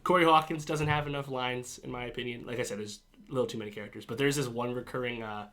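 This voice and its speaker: Bright-toned man gushing about a movie. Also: medium pitch, fairly even intonation, fast. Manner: enthusiastic, laughs often, many restarts. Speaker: podcast co-host reviewing a film. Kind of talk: casual chat.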